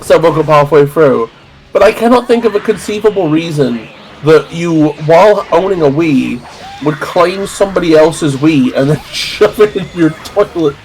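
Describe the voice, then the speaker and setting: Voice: medium pitch, moderate pace, darkish tone, faint music behind, low-quality recording. A streamer rambling through a story in casual chat while gaming, with many restarts.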